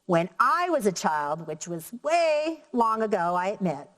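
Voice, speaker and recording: A woman teacher giving a slow, clear lesson to young children, counting out syllables. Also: medium pitch, big pitch swings, a bit bright, big-room sound. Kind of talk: elementary classroom lesson.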